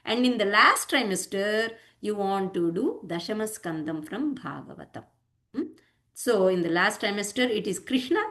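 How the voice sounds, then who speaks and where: A woman giving a devotional discourse, animated, acting out quotes and checking in with "hmm?" and "huh?" asides. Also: mid-range voice, normal speed. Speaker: spiritual teacher.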